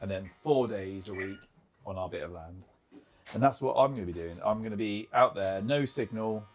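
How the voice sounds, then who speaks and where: A man's voice: fairly low pitch, moderate pace, poor audio. A man working as a barber, joking and laughing often in casual chat in a barbershop. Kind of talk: casual chat while cutting hair.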